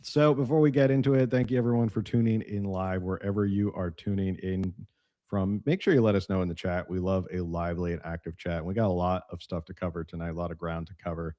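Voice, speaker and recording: A man's voice: deep voice, fairly even intonation, fast talker, warm tone, no echo. A man hosting a live political talk show, joking and sarcastic, with lots of fillers. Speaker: host. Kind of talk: casual political news chat.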